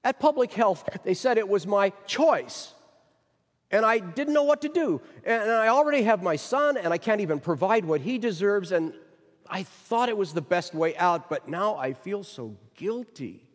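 A man voicing a distressed young mother who speaks in a halting, quivering voice while telling of her guilt. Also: mid-range voice, animated, long reverb tail, voice pushed up, lightly acted. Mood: anguished.

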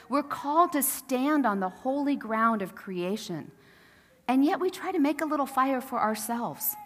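A woman's voice: sits high, a bit bright. A woman pastor preaching a sermon in a casual, storytelling way, acting out the quotes. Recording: long reverb of a church sanctuary.

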